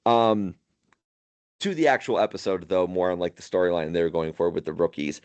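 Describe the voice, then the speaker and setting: Low-voiced man in a laughing podcast chat. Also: fairly quick, a little mellow, smooth. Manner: laughs often while retelling funny moments; rambling, many fillers and restarts. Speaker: podcast co-host. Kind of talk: casual chat.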